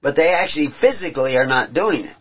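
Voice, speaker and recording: A man's voice: fairly high pitch, expressive, husky. Earnest male preacher, lo-fi recording. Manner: earnest, rising to emphatic peaks, halting restarts. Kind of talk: sermon with scripture reading. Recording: dull lo-fi recording.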